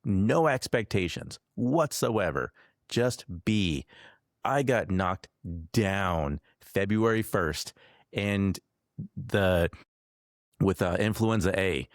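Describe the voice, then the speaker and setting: A man hosting a podcast, speaking in a calm, encouraging and reflective way. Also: low-pitched, slow pace, no room sound, clean studio sound. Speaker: podcast host. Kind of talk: conversational podcast talk.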